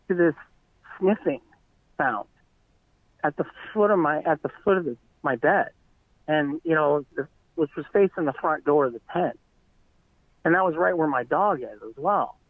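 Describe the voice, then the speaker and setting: A middle-aged man tells a long eyewitness story in an earnest, rambling way, his voice sitting a bit high. The sound is tinny and phone-like, with no room in it at all. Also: unhurried, long pauses, no echo. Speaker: eyewitness guest. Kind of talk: casual storytelling.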